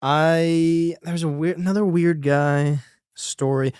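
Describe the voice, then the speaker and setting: A man's voice: on the high side, fairly even intonation, takes it slowly, darkish tone, clear, resonant tone, no room sound, clean studio sound. A man appearing as a comedian guest on a podcast, telling anecdotes in a chatty, casual way and swearing now and then. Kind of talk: casual podcast chat, storytelling.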